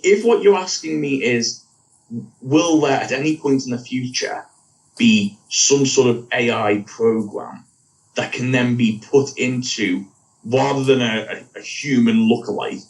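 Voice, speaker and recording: This podcast co-host speaks at medium pitch and a little slowly as he rambles casually through an episode recap, correcting himself and laughing at his own slips. The wrong mic is catching him, so he sounds distant.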